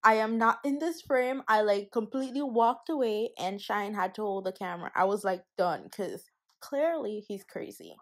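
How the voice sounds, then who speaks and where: A woman's voice: mid-range voice, normal speed, a little hiss or hum. Incredulous woman talking to camera. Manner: incredulous commentary.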